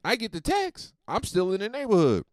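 Animated, profane man telling a story. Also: high voice, brisk, no room sound, studio quality. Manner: animated, profane, swings loud and soft. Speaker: podcast host. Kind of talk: casual storytelling monologue.

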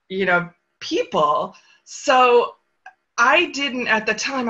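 A woman's voice: medium pitch, sharp tone, dull audio. A middle-aged woman, an author and interview guest, telling a personal story in a reflective, earnest way. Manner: reflective, earnest, with brief quoted voices.

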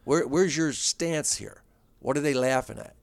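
Animated middle-aged man telling stories. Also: medium pitch, gravelly, dry recording. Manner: animated storyteller, quick bursts with restarts. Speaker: comedian and comedy writer guest. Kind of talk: casual storytelling chat.

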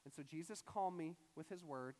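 A man in his thirties telling a personal story in a sermon, acting out his own lines with lively storytelling. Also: fairly high pitch, moderate pace. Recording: long hall reverb.

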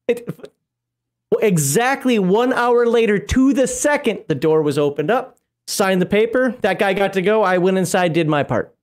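A man's voice: sits high, animated, normal speed. A man co-hosting a casual talk show, reading lore aloud and rambling into asides with frequent laughs. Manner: rambling, stops to laugh and comment. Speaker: podcast co-host reading game lore.

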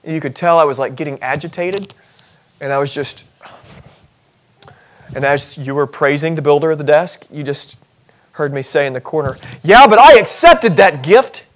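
This pastor's sermon is full of energy, delivered in a high voice inside a church. Humor aimed at himself runs throughout, and he breaks into short scenarios where he acts out the different voices.

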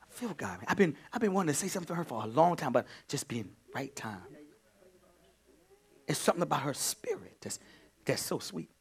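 Pastor preaching from whispers to shouts. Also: male voice, on the high side, sing-song, fast talker, hardly any pauses, husky. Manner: swings from hushed whispers to shouted exclamations. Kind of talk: sermon. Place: church sanctuary.

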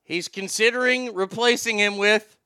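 A man hosting a podcast, chatting in an excitable, profane way and stumbling over names as he reads news out loud. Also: high voice, moderate pace, clean tone, dry recording, studio quality. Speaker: podcast host. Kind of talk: casual banter.

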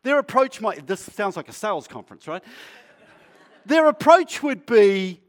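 A male pastor preaching in a conversational, playful way, asking the congregation questions and sometimes dropping to a quiet, earnest tone. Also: sing-song, normal speed. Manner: acts out a shopkeeper's sales pitch. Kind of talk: sermon.

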